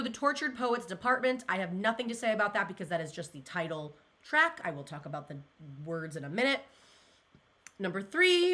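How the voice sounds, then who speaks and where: A young woman chats casually to her viewers in a bright, ringing voice. She rambles and gushes, her pitch leaping around as she gets emotional. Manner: gushing, rambling, many "like"s, emotional. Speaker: pop culture vlogger. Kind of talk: casual chat, reacting to comments.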